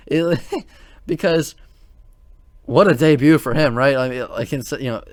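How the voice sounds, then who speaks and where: A man's voice: mid-range voice, slow pace, dry recording. Rambling man with a dry, close sound. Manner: rambling, many fillers and restarts, exasperated. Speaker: sports commentary channel host. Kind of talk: casual opinion monologue.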